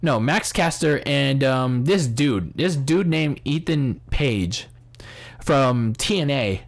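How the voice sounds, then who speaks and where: A man's voice: medium pitch, lively intonation, slow pace, vocal fry. A man hosting a casual podcast review, rambling with many restarts, swearing and laughing at his own jokes. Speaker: podcast host. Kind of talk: casual wrestling review chat.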